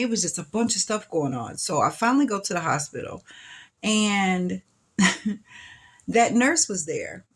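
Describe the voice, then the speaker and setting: A young adult woman telling her own life story in an interview, chatty and loose, rising much higher when she quotes her younger self. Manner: loose, chatty, many fillers and restarts. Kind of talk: personal storytelling.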